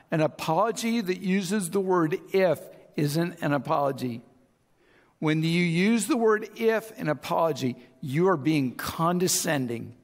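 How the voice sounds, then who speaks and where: A male pastor, his voice sitting a bit high for a man. He preaches in a conversational way and acts out both sides of everyday arguments. His words ring out with the long reverb of a large church hall. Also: expressive, moderate pace. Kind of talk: sermon.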